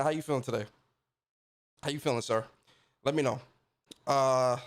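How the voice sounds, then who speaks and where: A man hosting a casual gaming livestream, greeting viewers by name in a laid-back, slangy way. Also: fairly high pitch. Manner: laid-back slangy shout-outs, lively. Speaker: podcast host.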